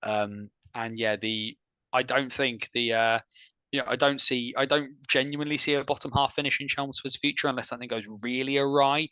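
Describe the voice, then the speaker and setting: A man hosting a casual sports podcast, chatty and opinionated, with quick asides. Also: mid-range voice, fairly even intonation, sharp tone, smooth, no room sound, muffled recording. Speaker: podcast host.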